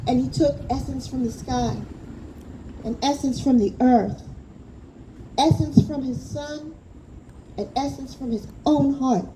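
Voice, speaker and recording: A woman storyteller performing live, talking straight to her audience in a slow, conversational way. Her voice sits a little high. Background noise carries through the live recording. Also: poor audio. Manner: warm, conversational, addresses the audience directly.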